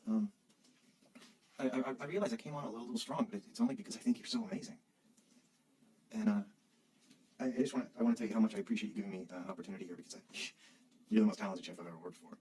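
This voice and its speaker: A man's voice: fairly low pitch, dark tone, slight background noise, lightly acted, rough recording. An actor playing an eager young male cook who stammers and gushes nervously to his boss. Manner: rushed, stammering, gushing.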